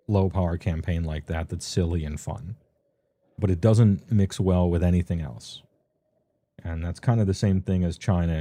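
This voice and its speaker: A man with a deep, very dark and mellow voice talks through game books in a loose, rambling stream. He is offhand and chatty, pausing on ums and laughing at his own asides. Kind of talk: casual rambling commentary.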